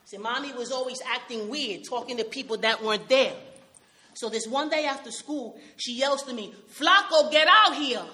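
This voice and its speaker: A woman's voice: on the high side, normal speed, a bit bright, close to an everyday voice. A woman playing a tough young Nuyorican man. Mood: grim. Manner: tough, confrontational street talk mixed with Spanish. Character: streetwise young Puerto Rican man from Brooklyn, hardened and bitter. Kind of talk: dramatic monologue.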